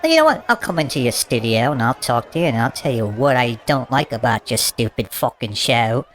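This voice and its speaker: A man's voice: mid-range voice, big pitch swings, brisk, close to an everyday voice. A man playing an indignant English male protester in a comedy sketch, belligerent and stammering. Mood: grudging.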